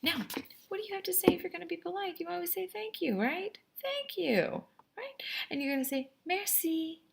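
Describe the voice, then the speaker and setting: A woman's voice: extremely high pitch, animated, fairly quick, vocal fry. A woman French teacher giving a recorded class lesson in an upbeat, chatty, encouraging way at a computer microphone.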